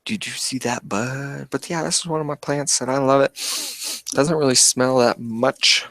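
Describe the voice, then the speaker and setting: A man's voice: mid-range voice, steady tone, moderate pace, a bit bright, no echo. A man hosting a casual livestream, rambling and fidgety, talking to chat in a self-described eccentric way. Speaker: livestream host. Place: indoors at home with plants.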